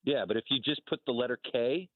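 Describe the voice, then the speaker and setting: A man calling into a radio show, relaxed, explaining with everyday examples. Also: mid-range voice, fast talker, dry recording. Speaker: caller. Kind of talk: phone-in call. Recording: tinny phone line.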